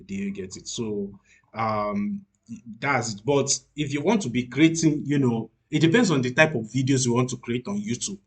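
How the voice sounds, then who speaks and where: A man's voice: medium pitch, normal speed. A man casually explaining pricing plans, hesitant and full of fillers. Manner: hesitant, many fillers and restarts. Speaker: tutorial presenter.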